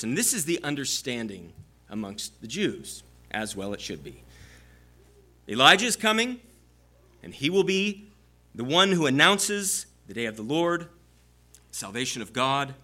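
A man's voice: fairly high pitch, bright, forceful tone. A male pastor preaching an expository sermon, reading scripture and stressing key points emphatically.

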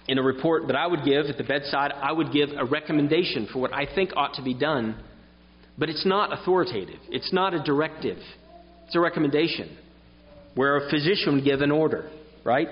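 A man preaching a sermon in an earnest, emphatic, explanatory way. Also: a little high. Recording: dull sound with long reverb in a hall.

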